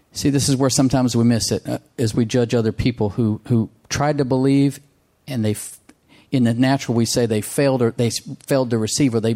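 This is a man delivering a sermon in an ordinary mid-pitched voice. He leans on repetition, says lines again and again, and keeps asking his listeners for an amen. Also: darkish tone. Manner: emphatic, calls for amens, repeats phrases. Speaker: preacher.

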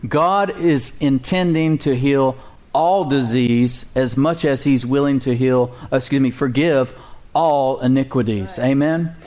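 Man, preacher, sermon, conversational, asks for amens, middle pitch. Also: unhurried, a little mellow. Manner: conversational preaching with call-and-response and chuckles. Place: church congregation.

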